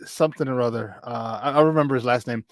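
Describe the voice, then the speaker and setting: A man hosting a casual sports talk show, telling stories in an excitable, animated way. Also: mid-range voice, fast, no room sound. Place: remote virtual studio.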